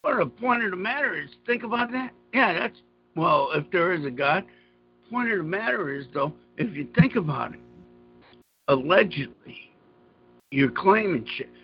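A man's voice: high-pitched, expressive, moderate pace, husky, dull audio, soft background music. A man in casual chat who rambles through emphatic, profane rants.

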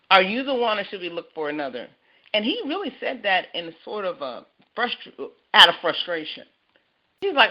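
Earnest woman giving halting testimony. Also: lowish voice. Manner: earnest, halting, repeats words. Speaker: church member giving testimony. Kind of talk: personal testimony on a church call. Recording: muffled lo-fi call audio.

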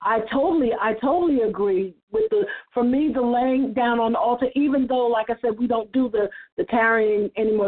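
Woman panelist, earnest church testimony, higher voice, tinny phone line. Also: normal speed. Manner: earnest, repeats words when starting a thought. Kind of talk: casual church discussion and personal testimony.

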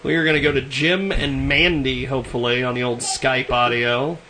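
A man hosting a podcast, upbeat and quick to laugh. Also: medium pitch, fairly even intonation, very noisy. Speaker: podcast host. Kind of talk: casual podcast chat.

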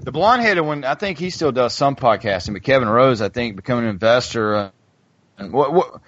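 A man's voice: medium pitch, animated, a little fast, fairly bright tone, slight background noise. A man hosting a podcast in casual chat, rambling with many fillers and restarts. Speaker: podcast host. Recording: dull lo-fi podcast audio.

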